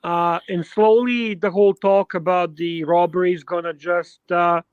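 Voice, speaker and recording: Man, livestream co-host, high voice, hesitant, fillers, dull dry lo-fi audio. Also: fairly even intonation, normal speed, smooth, no room sound. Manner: hesitant, many fillers, reassuring. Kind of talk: casual livestream chat.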